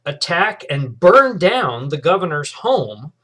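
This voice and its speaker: Middle-aged guy teaching history, kinda high voice, lots of uhs and restarts, laid back. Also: takes it slowly. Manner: relaxed, many fillers and restarts, acts out quotes. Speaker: history professor. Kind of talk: recorded lecture.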